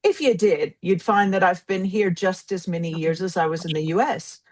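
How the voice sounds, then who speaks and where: A woman in her fifties from New York, speaking as a podcast guest in a somewhat low voice. She tells her story upbeat and lively. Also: normal speed. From New York, of Puerto Rican roots. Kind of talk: casual interview.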